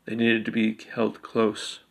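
A man reading a dark fantasy story aloud, steady, with occasional slips he corrects. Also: lowish voice, unhurried, creaky. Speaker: narrator.

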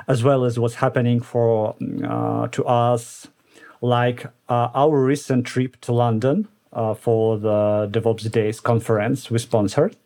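A man of middle pitch hosts a relaxed tech podcast. He leads the talk in a friendly way, laughs easily and fills his pauses with "uh". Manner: friendly, laughing, lots of "uh" fillers. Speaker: podcast host. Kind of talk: casual chat.

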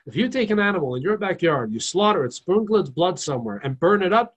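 A man with a somewhat high, husky voice leads a relaxed religious class. He talks in an animated, storytelling way, tosses out rhetorical questions and often restarts his sentences. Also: fast talker, poor audio. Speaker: rabbi teaching a class. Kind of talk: casual religious class lecture.

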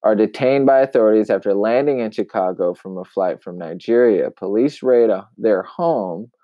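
A man giving casual commentary in an emphatic, wry way, with long pauses, on a dull, dry lo-fi recording. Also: lowish voice, dry recording. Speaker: commentary vlogger.

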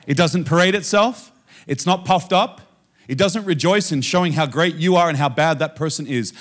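A man with an Australian accent preaching a sermon on stage, moving between soft, chuckling asides and loud, emphatic points. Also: fairly high pitch, a little fast. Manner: animated, swinging from soft asides to loud emphasis, often laughing. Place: on stage before a congregation.

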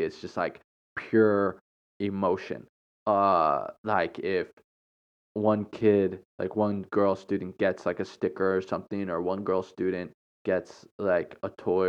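A man's voice: deep voice, a little mellow, clear, resonant tone, muffled recording. A young man telling a casual, rambling story, saying "like" constantly, blunt and matter-of-fact.

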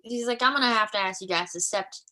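A woman in her twenties, co-hosting a podcast, telling a story in casual chat and acting out the quotes in high voices. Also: quick pace, pushed and bright, rough recording. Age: 20s. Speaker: podcast co-host.

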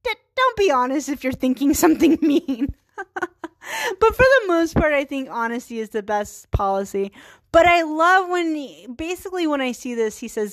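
A woman in her thirties hosts her own podcast, chatting earnestly and giggling at her own asides. Her voice sits a little high. The sound is close and dry, with no room around it. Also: expressive, normal speed, no echo. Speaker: podcast host. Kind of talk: casual solo podcast monologue.

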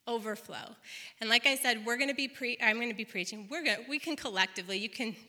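A woman's voice: a little high, fast talker, bright, forceful tone. A woman in her thirties preaching a sermon, chatty and laughing now and then as she tells a family story. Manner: chatty, laughs often while telling stories. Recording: long hall reverb.

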